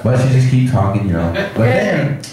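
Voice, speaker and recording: A man's voice: medium pitch, moderate pace. A young man at an open mic doing stand-up, telling a rambling story and acting out the people in it. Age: young adult. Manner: rambling, animated, acts out characters. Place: cafe open mic night. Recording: echoey cafe with crowd noise.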